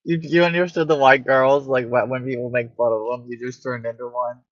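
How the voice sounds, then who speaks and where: A man's voice: mid-range voice, steady tone, brisk, no room sound, lo-fi sound. A man in casual podcast chat, cutting in with dry, teasing quips.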